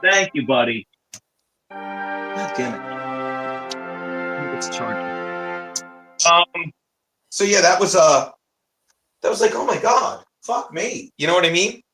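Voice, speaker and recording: A man's voice: a little high, takes it slowly, long pauses, over music. A man co-hosting a casual livestream chat, telling a rambling story while he walks around a house on a phone call. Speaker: co-host of a livestream talk show. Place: walking around a house, indoors.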